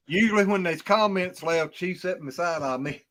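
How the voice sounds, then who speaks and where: A man's voice: sits high, a bit bright. A man chatting in a rambling way, chuckling as he talks. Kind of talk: casual chat on a video call.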